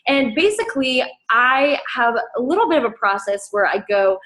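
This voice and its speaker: A woman with a slightly high voice talks her team through her methods in a relaxed, chatty presentation. She is upbeat, trips over restarts and fillers, and jumps up into a bright excited voice whenever she quotes someone. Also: normal speed. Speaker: team coach sharing recruiting tips.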